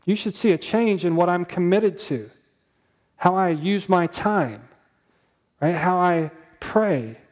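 A male pastor preaching a sermon in a conversational way, asking the congregation rhetorical questions and slowing down to stress key words. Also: sits high, expressive, a little mellow.

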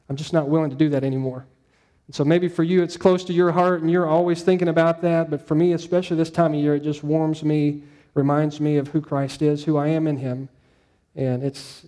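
Male pastor, easygoing sermon delivery, slightly high, warm tone. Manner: conversational, storytelling, frequent "um" and "right?".

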